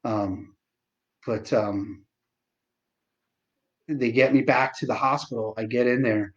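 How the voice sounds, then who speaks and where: A man's voice: mid-range voice, steady tone, muffled recording. Sarcastic, swearing man in his forties. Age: 40s. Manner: sarcastic, profane, halting with many fillers. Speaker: livestream host. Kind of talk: casual livestream chat.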